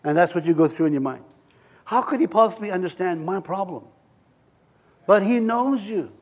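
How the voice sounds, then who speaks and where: A man preaching to his congregation with a high, bright voice. He moves between earnest encouragement and playful storytelling, acting out scenes and laughing along the way. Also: expressive, normal speed. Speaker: pastor. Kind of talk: sermon.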